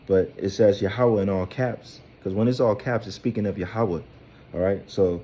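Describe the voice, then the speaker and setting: A man's voice: fairly low pitch, fairly even intonation, normal speed, mellow, slight background noise. A man giving a loose, informal scripture lesson who keeps asking "all right?" and rambles with fillers and repeated words. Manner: tags nearly every phrase with "all right?". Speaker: Bible teacher.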